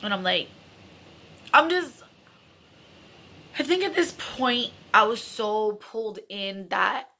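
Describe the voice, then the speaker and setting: A woman's voice: mid-range voice, animated, slow, pauses often, bright, forceful tone, a little hiss or hum. A young adult woman telling a personal story in a casual, emotional way, swearing freely and filling her talk with "like" and "you know". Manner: emotional, candid, swears freely, heavy fillers.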